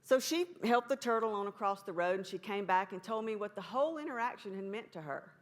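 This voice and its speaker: A woman with a drawl tells a story at a conference talk. Her delivery is folksy and humorous, with an easy, mid-pitched voice. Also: expressive, brisk. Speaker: conference speaker.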